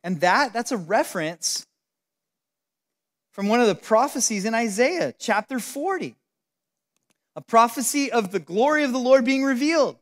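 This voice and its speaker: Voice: mid-range voice, lively intonation, normal speed, long pauses. A Bible teacher giving a casual, emphatic teaching, talking conversationally with frequent "like" fillers.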